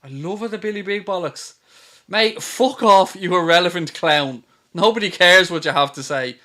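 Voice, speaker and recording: High, bright-voiced sweary man. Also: fairly quick. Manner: ranting, sweary, sarcastic at trolls. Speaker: host of a football watchalong stream. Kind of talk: live stream chat.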